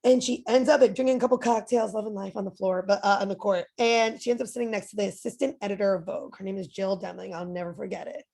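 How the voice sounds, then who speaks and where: A young adult woman, a podcast guest, telling a story in a lively way, acting out what others said and using "like" a lot. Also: medium pitch, quick pace, gravelly, hardly any pauses. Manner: lively, acts out quoted voices, frequent "like" fillers. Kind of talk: animated storytelling.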